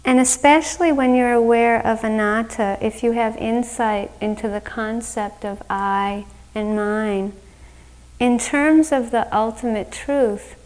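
A woman meditation teacher giving a dharma talk on retreat, slow, gentle and reflective, often laughing at her own stories. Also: fairly high pitch, fairly even intonation, rough recording. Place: retreat center meditation hall.

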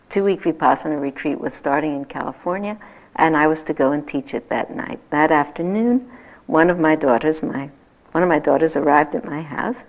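Older woman meditation teacher, fairly low voice, gentle reflective delivery, dull lo-fi recording. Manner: gentle reflective teaching, lively when telling stories. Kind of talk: dharma talk.

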